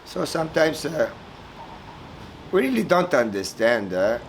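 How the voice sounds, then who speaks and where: A man giving a spiritual talk at a retreat, telling a folk story slowly and haltingly, searching for words and chuckling as he goes. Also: a little high, very animated, noisy background. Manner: halting, searching for words, many fillers and repeats. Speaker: spiritual teacher speaking at a retreat.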